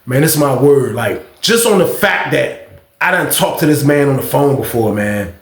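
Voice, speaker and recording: A man telling a prison story to his viewers, animated and profane, talking straight to the audience. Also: mid-range voice, moderate pace, gravelly. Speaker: storyteller, channel host. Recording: roomy echo.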